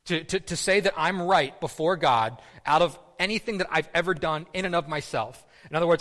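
A man's voice: on the high side, fairly quick, few pauses, fairly bright tone. A man preaching a sermon in a casual, conversational way, often repeating words and using fillers. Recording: long reverb of a hall.

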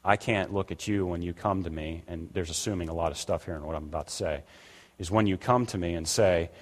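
Speaking briskly in a voice that sits low, this older pastor preaches in a conversational style and performs the voices he quotes. The setting is a church sanctuary, with the lingering echo of a church hall on the recording.

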